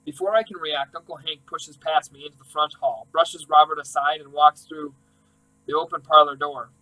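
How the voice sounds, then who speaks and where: A man narrates a first-person story in a slightly higher-than-usual voice. His reading is intimate and emotional, staying close to the character's feelings. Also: steady tone, normal speed, sharp tone, low-quality recording. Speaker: audiobook reader.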